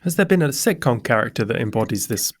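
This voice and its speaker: A man from Britain interviewing a guest on a podcast, asking measured, inquisitive questions. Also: mid-range voice, very animated.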